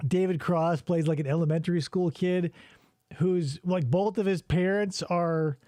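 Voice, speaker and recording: Sardonic male podcaster, high voice, dry close sound. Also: steady tone, measured pace, warm tone, no echo. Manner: profane, rambling, sardonic. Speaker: podcast host. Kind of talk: casual chat.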